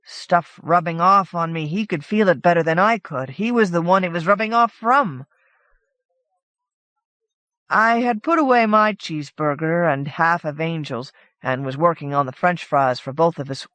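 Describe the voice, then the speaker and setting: This woman narrates an audiobook, reading a scripted short story as a relaxed first-person account. Her voice is lowish and a little bright, with no echo.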